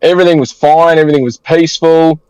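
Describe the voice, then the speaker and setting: A man's voice: on the high side, steady tone, quick pace, a little mellow, clean tone, dry recording, low-quality recording. A man with an Australian accent, chatting bluntly and jokily as a panelist on a gaming podcast, swearing casually. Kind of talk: casual chat.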